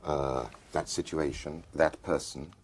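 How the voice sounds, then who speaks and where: Deep, husky man musing about writing. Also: fairly even intonation, unhurried. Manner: musing, searching for words. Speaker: writer. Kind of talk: reflective conversation about writing.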